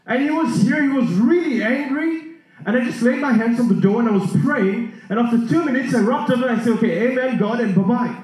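A man preaching a sermon, telling a story in an animated way with many restarts and repeated words. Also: very high voice, a little fast. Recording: echoey hall, voice from far off.

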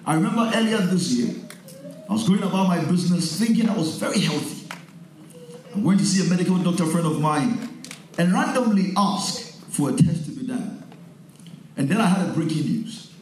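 A male pastor delivering a sermon, telling personal stories and building up to forceful preaching. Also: a little high, expressive, moderate pace, a little hiss or hum. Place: church hall. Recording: echoey hall.

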